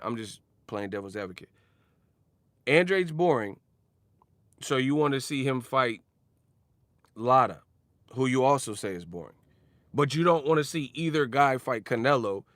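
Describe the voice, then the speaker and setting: Male vlogger, casual profane boxing rant, very animated delivery, dry close-miked sound. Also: medium pitch, normal speed, long pauses, no echo. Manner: animated, profane, laughs often, mocks others with sudden shouts. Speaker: boxing commentator. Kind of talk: casual ranting commentary.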